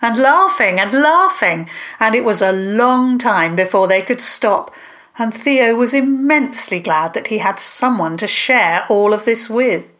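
A woman, a storyteller, narrating a scripted children's story calmly and clearly. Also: fairly high pitch, a little slow.

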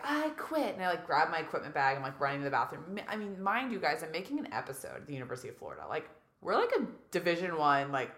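A woman in her thirties, a guest casually telling a story, animated and acting out quotes, saying "like" a lot. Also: low voice, roomy sound. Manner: animated, acts out quotes, heavy use of "like".

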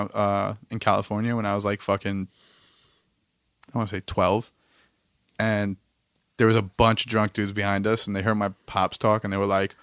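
With a lowish, smooth voice and a Jersey accent, this young New Jersey man co-hosts a podcast, chatting loosely with friends, swearing and laughing often. The clean studio sound has no room noise.

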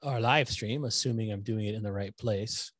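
A middle-aged man hosting a casual livestream from home, rambling and joking at his own expense, a little hoarse from talking. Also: on the low side, moderate pace, a bit bright, dry recording. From Connecticut. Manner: rambling, self-deprecating, joking. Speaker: host of a nonprofit news livestream. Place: home room lit with LED lights. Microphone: desktop microphone.

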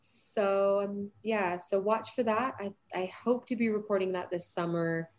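A woman's voice: medium pitch, unhurried. A woman in her thirties, an actress guest chatting in an interview and telling stories with plenty of laughter. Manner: animated storyteller, laughs often. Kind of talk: casual interview chat.

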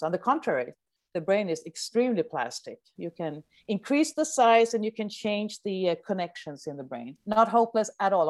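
A woman's voice: mid-range voice, a little mellow, no room sound. A woman in her forties, a brain scientist, talking animatedly in a podcast interview and laughing often.

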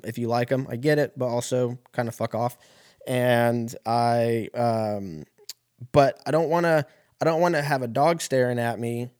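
Profane ranting man, rambling. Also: medium pitch. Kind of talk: casual comedic rant.

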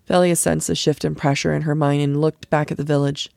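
A woman narrating a fantasy novel chapter in a measured storytelling voice. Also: low voice, little pitch movement, gravelly, darkish tone, no echo, studio quality. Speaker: author narrator. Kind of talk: audiobook narration.

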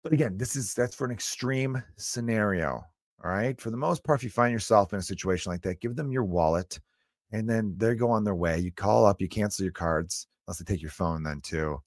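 Low-voiced man ranting, dry sound. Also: fairly quick, dry recording. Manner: rambling, profane, jumps between loud bursts and mutters. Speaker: comedian podcast host. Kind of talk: solo comedic rant.

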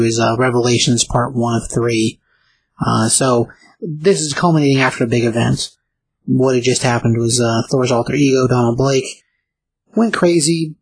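A man casually recapping a comic book issue, talking in a halting way with many filler pauses. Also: medium pitch, breathy edge, poor audio.

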